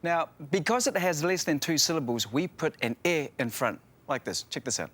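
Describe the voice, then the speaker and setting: Animated, playful New Zealand man presenting. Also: a little high, moderate pace. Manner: playful, joking. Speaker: language show co-host. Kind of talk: lively language lesson presenting.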